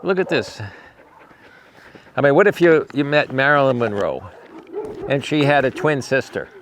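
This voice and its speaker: A man who rescues animals, hosting a casual vlog outdoors at his sanctuary, talking to the camera and cooing soft, repetitive praise to his dogs. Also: medium pitch, lively intonation, normal speed, a little hiss or hum. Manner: coos softly to dogs, repeating praise, dropping to near-murmurs; rambling, repeats himself when talking to the audience. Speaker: animal rescuer and show host.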